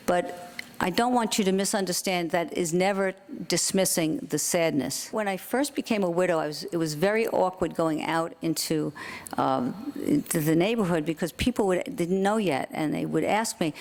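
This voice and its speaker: A woman's voice: on the low side, moderate pace, darkish tone. An older woman from Queens with a New York accent, giving a comedic keynote speech, wry and self-deprecating, building to punchlines. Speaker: keynote speaker. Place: convention hall stage.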